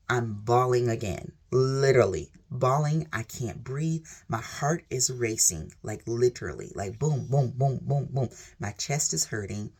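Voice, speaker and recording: A woman's voice: very deep voice, a little mellow, breathy edge. A woman vlogger sharing a personal testimony in an earnest, rambling way, leaning on "like" and "literally". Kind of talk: emotional personal storytelling.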